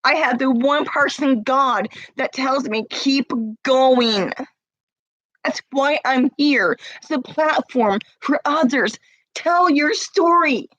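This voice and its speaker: A woman's voice: sits high, slow pace, fairly bright tone, dry recording, muffled recording. A woman crying as she talks to camera, confronting someone with repeated pointed questions in an emotional rant. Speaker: vlogger.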